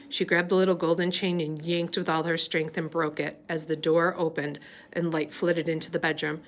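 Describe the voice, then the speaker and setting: A woman reading a novel aloud, unhurried, with small slips and restarts. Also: deep voice, level tone. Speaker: reader.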